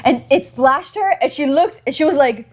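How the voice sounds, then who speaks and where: A woman's voice: sits high, lively intonation, normal speed, a little hiss or hum. A young woman co-hosting a casual podcast, telling stories expressively and often repeating phrases as she goes. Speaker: podcast co-host. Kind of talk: casual chat.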